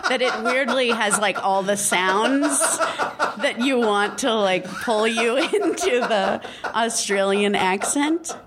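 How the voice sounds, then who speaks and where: A woman's voice: fairly high pitch, a loud crowd. Playful laughing woman in casual chat. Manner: playful, laughing, quick asides. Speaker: guest.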